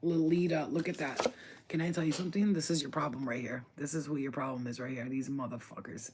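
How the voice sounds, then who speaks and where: Slangy, excitable card reader. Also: mid-range voice, quick pace, a little hiss or hum. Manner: slangy, profane, excitable, talks straight to the viewer. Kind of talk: casual oracle card reading to camera.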